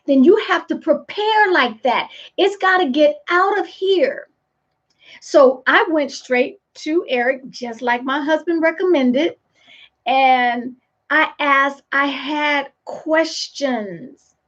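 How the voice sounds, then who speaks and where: A woman's voice: high-pitched, measured pace. Woman coach preaching motivation, emphatic, repeats herself, kinda muffled lo-fi sound. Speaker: leadership coach. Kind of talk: motivational live talk. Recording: dull lo-fi sound.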